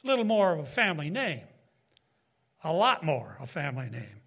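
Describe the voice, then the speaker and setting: High-voiced man giving an emphatic Bible teaching. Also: sing-song, moderate pace, gravelly, a bit bright, breathy edge. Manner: emphatic, rising and falling delivery with asides to listeners. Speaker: preacher. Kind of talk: sermon-style Bible teaching.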